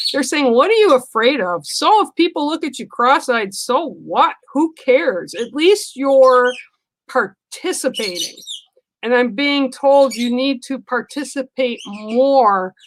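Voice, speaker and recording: A woman giving a casual live psychic card reading, unhurried, with frequent ums and restarts. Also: high-pitched, expressive, slight background noise, rough recording. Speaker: psychic reader on a livestream.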